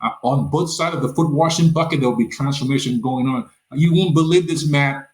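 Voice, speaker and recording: A man's voice: fairly high pitch, fairly quick, rough recording. A man from Nigeria, a podcast guest telling his own story in earnest and often repeating words as he goes. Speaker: podcast guest, nonprofit founder. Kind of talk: personal storytelling in a conversation.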